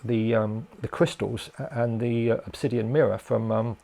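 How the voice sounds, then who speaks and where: A man's voice: mid-range voice, steady tone, moderate pace, creaky, warm tone. An older man from England, a guest in a casual interview, who rambles and hesitates with many fillers and restarts.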